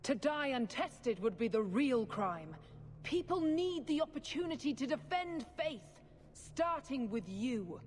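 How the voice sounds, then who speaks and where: A fanatical, fervent priestess. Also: female voice, sits high, big pitch swings, measured pace. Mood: zealous. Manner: fervent, accusing, sermon-like. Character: fanatical middle-aged woman priest, zealous schemer. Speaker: priestess character. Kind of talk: video game voice acting. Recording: long reverb with faint noise.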